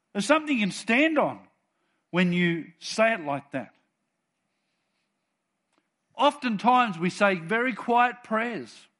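Aussie preacher guy, slightly high voice, goes quiet then booms out the verses. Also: animated, a little slow. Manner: swings between soft asides and loud bold scripture. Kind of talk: sermon.

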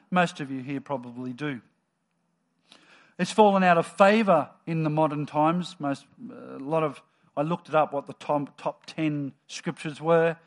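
A man with a slightly higher-than-usual voice preaches a sermon in a church. He talks in a relaxed, conversational way and tells the story with lively energy.

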